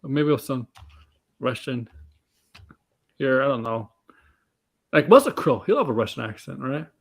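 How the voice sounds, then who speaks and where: A man's voice: medium pitch, very animated, measured pace, husky. A man co-hosting a casual chat show, rambling with restarts and frequent laughs. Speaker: podcast co-host.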